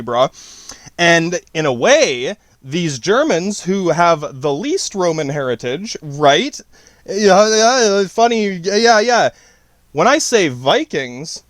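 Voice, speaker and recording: A man's voice: high-pitched, dry recording. A man giving a rambling solo podcast monologue, profane and slangy, jumping between tangents with many restarts. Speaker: podcast host.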